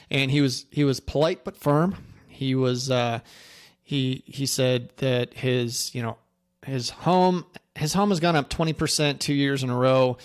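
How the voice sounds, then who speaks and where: A male podcast host with a voice of ordinary middle pitch. He talks in a loose, conversational way, walking listeners through his work with frequent fillers and false starts. His delivery is energetic and salesy at times and plainly explanatory at others. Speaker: podcast host, insurance agency owner. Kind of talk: casual podcast talk with ad read.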